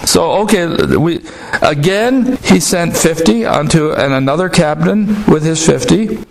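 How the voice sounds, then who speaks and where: Slow gravelly male preacher. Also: on the high side, animated. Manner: slow, emphatic, retells scripture with asides. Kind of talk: sermon.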